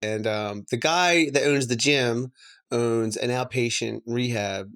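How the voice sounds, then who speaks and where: A man, telling a personal story on a podcast in a rambling way, full of "like" and quick laughs. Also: medium pitch, a bit bright, smooth. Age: 40s. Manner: rambling, lots of "like" and laughs between words. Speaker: podcast host.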